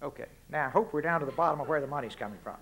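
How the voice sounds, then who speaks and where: Texan guy speechifying to a crowd, high voice, punchy questions, folksy asides. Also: very fast, gravelly, a bit bright, a little hiss or hum. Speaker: guest speaker. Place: lecture forum before an audience.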